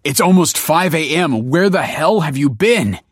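A man's voice: a little high, lively intonation, measured pace, dry recording, studio quality, pitched above the performer's own voice. A man voicing a frantic, stammering grown father in a read-aloud story. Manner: stammering, strained.

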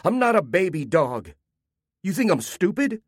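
A man's voice: high voice, sing-song, moderate pace, slightly rough, no echo, clean studio sound, voice pushed up, full character voice. A man voicing a sullen male pet dog who talks back like a moody teenager. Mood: sulky. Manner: moody and defensive.

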